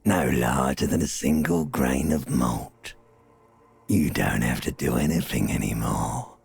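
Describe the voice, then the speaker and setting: Casting: the ancient reptile brain of a game, Cockney, deeply gravelly and husky, unhurried, over faint music. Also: male voice, a little mellow, heavily acted. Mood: soothing. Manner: slow, intimate, coaxing narration. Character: ancient reptilian brain, male, primal, soothing. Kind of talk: video game voice acting.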